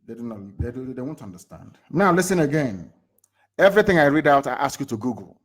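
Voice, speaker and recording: A man with a Nigerian accent giving an impassioned live political address to followers. He is emphatic, fires rhetorical questions at his listeners, and swings between loud bursts and low asides. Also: big pitch swings, fairly quick. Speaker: movement leader.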